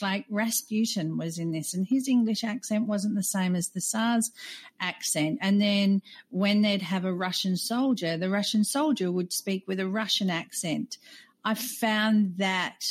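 A woman's voice: medium pitch, unhurried. A woman co-hosting a podcast, telling a rambling, chatty story in casual conversation. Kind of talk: casual chat.

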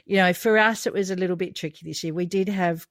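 A middle-aged woman co-hosting a podcast, telling family stories in a lively way and laughing often. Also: fairly low pitch, quick pace, no room sound. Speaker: podcast co-host. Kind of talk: casual storytelling chat.

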